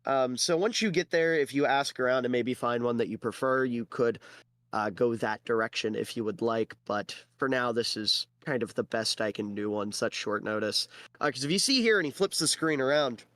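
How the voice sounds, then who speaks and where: Relaxed man running a tabletop game. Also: medium pitch, moderate pace, no room sound. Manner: relaxed, with many fillers. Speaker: game master.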